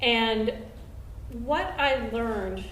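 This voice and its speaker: A high-voiced woman tells a true story live on stage. She acts out each quote with sudden jumps in pitch and volume. Her sharp, bright voice carries through an echoey venue, caught from some distance with faint room noise behind it. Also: extremely slow. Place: stage at a benefit show.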